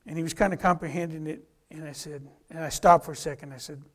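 A man giving a personal testimony as an animated story, acting out dialogue and restarting often. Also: on the high side, fast talker, few pauses.

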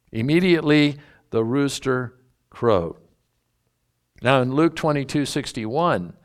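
Slow, emphatic male preacher. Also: medium pitch. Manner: slow, emphatic Bible teaching with folksy asides and stretched key words. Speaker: pastor. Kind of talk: sermon.

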